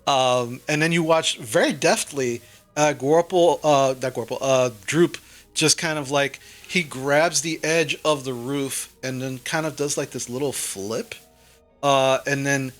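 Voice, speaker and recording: A man's voice: medium pitch, measured pace. A man narrating a tabletop game as game master in a loose way, with many fillers.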